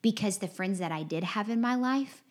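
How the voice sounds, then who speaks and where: Animated woman co-hosting a podcast. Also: normal speed. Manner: animated and expressive, often laughing and mimicking friends in a high voice. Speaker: podcast co-host. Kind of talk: casual podcast chat.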